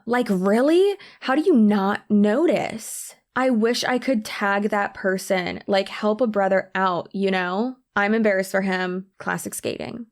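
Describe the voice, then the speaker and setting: A woman's voice: medium pitch, normal speed, few pauses. A woman hosting a commentary video, talking to camera in a blunt, indignant, emphatic way.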